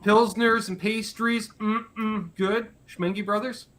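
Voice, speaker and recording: A man hosting a live stream Q&A chat, quickly and jokingly reading out viewer names. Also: high voice, fairly even intonation, fairly bright tone. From Canada. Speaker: host.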